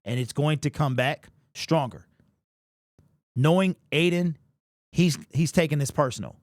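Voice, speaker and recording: A man's voice: fairly high pitch, a little slow, no echo, studio quality. A man hosting a live sports talk stream, passionate and emphatic, visibly emotional as he talks it through. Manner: passionate, emphatic, gets worked up. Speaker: sports show host.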